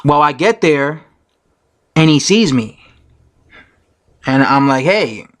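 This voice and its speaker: A YouTube boxing commentator speaks slowly in a fairly high voice with lively intonation. He tells a story straight to his camera as a casual, indignant rant full of repetition.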